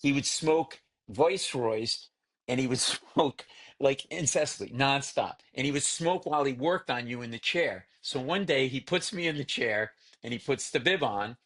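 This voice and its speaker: A man spins family anecdotes in conversation, his voice rising and dropping as he acts out relatives. He talks in quick bursts with plenty of fillers and restarts. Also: mid-range voice. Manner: animated storyteller who acts out family characters. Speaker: comedian guest. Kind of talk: storytelling in casual conversation.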